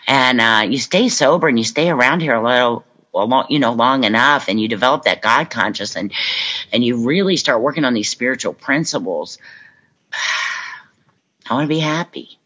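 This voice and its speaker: A woman from Kentucky giving a personal recovery talk, telling stories with lively acted-out dialogue. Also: a bass voice, moderate pace, muffled recording. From Kentucky, USA. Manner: animated storytelling, acts out quoted voices. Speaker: speaker at a recovery convention. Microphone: online talk.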